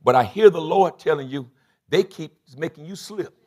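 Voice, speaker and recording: A middle-aged man, preaching a sermon as bishop in a church, swinging from low confiding talk to shouted bursts. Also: lively intonation, normal speed. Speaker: bishop and pastor. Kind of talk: call-and-response sermon. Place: church sanctuary.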